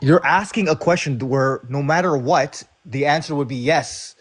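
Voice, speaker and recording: A man's voice: fairly high pitch, normal speed. A man on a live debate panel, pushing back earnestly and stumbling over restarts.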